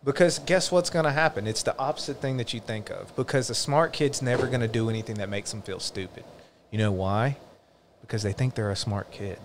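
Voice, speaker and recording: Earnest male podcast host, faint background hiss. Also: mid-range voice. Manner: reflective, earnest, drawn-out musing. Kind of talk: casual podcast conversation.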